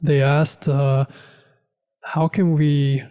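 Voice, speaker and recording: A man's voice: on the high side, flat delivery, very slow, dark tone, clean tone. A man hosting a casual interview, reading viewer questions and chatting with his guest in a friendly way. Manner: friendly, reads viewer questions, agrees often. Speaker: interview host, channel owner.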